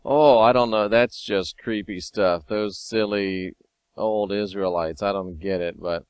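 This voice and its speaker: Guy talking to camera, low voice, dry close sound, wry chatty monologue. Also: measured pace, clean tone, no room sound. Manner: conversational, wry, sometimes excited. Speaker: video host. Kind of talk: casual monologue reading scripture.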